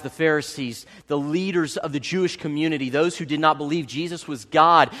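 Male pastor, sermon delivery, slightly high voice, long church-hall reverb, dynamic storyteller. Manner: animated storytelling, swings from loud to hushed.

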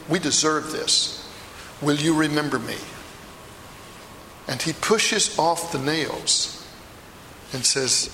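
A remorseful apostle , played by a man recounts his story first person in a stage monologue, his gravelly voice pushing hard with a slightly high pitch. The sound rings through a reverberant hall with a long tail. Faint room noise hums behind him. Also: sharp tone, full character voice. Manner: intense storytelling, swells to anguished outbursts. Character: remorseful apostle, a middle-aged fisherman telling his story.

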